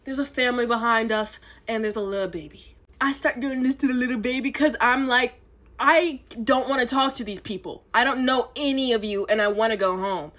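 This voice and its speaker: A young woman telling a first-date story in an animated, dramatic storytime monologue. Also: fairly high pitch, fairly quick. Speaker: storyteller in a clip.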